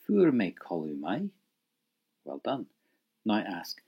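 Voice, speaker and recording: Man, language teacher, husky voice, slow and encouraging, lively pitch. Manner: patient, encouraging, prompts the listener to repeat. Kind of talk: spoken language lesson with drills.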